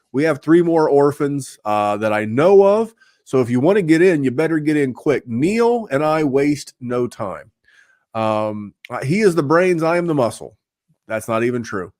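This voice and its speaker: A man's voice: mid-range voice, a little mellow, no room sound, clean studio sound. A man hosting a fantasy football podcast in casual chat, rambling with fillers and restarts. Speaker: podcast host.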